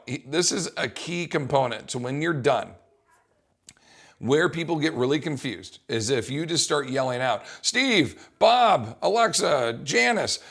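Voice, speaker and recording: A young adult man coaching fitness, explaining an exercise test in a casual, lively way. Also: medium pitch. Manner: casual, animated, acts out coaching calls. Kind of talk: instructional talk.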